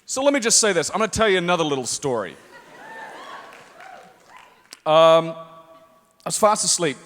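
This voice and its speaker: Kiwi male guest on a con panel, higher voice, animated anecdote teller, echoey hall. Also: fairly quick, some chatter behind. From New Zealand. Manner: animated storyteller, acts out voices. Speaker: guest actor on a convention panel. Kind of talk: live anecdote storytelling to an audience. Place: large convention hall. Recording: echoey convention hall, faint noise.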